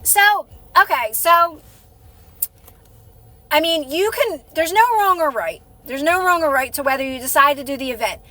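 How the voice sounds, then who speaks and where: A woman's voice: sits high, animated, normal speed, pushed and bright. A woman hosting a live stream, chatting casually and encouragingly with her viewers, rambling and restarting her sentences.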